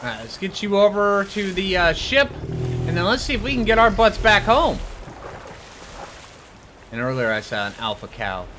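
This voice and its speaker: A man's voice: high voice, very animated, normal speed, long pauses, noisy background. A man hosting his own gaming channel, chatting casually and upbeat as he plays. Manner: upbeat, chatty, talks to himself while playing. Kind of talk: casual gameplay commentary.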